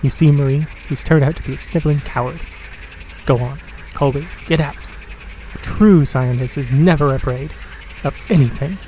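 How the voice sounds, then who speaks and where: A hot-tempered professor, obsessed with his work and scornful of doubters, played by a man. The tone is mellow and dark. Faint swamp noise sits behind. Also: medium pitch, moderate pace, natural voice, rough recording. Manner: scornful, driven.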